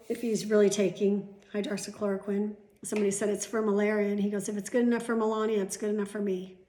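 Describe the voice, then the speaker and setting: A woman's voice: medium pitch, a little mellow. A middle-aged woman vlogging at home, chatting casually to the camera with rambling asides and the odd swear word. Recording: echoey room.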